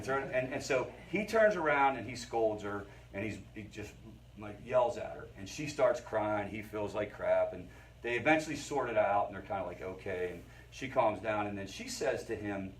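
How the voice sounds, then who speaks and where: A man's voice: lowish voice, expressive, moderate pace, a little hiss or hum. A middle-aged man, a therapist, giving an informal, conversational lecture to a family recovery group and checking in with his listeners. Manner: conversational, keeps checking in with the audience. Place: meeting room with a group. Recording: voice picked up from a distance.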